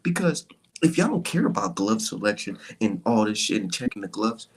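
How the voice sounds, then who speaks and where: A man's voice: fairly low pitch, sing-song, brisk, a little hiss or hum. A man hosting a casual boxing talk show, ranting in a profane, mocking way and dropping into whispery mock voices to imitate others. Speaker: boxing commentary vlogger. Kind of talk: heated casual rant.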